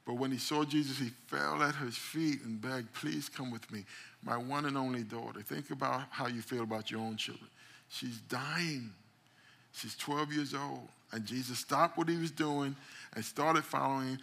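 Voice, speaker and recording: Bright-voiced preacher man telling a story. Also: medium pitch, moderate pace, vocal fry. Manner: dramatic storytelling, acting out quoted lines with sudden loud rises; call-and-response phrases to the congregation. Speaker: pastor. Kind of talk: sermon. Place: church service.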